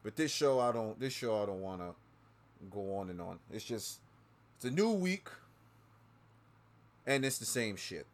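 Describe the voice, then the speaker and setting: A man's voice: animated, unhurried, long pauses. Angry swearing man ranting solo. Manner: angry, heavy swearing, repeats lines for emphasis; swings between low mutters and loud outbursts. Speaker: podcast host. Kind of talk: profane political rant.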